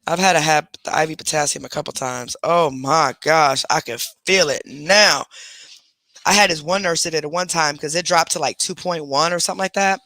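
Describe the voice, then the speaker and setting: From his bedroom, lying in bed, a man runs a casual live stream, chatting and rambling through stories with breaks to address his pets. His voice is on the high side, pushed and bright, at a moderate pace with no room sound.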